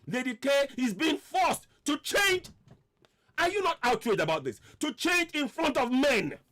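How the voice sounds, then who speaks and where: A man hosting a radio commentary, his voice pitched high and swinging widely as he presses his point. He piles up repeated rhetorical questions with mounting force. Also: very animated, a little slow, pushed and bright. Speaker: online radio host. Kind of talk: impassioned political commentary.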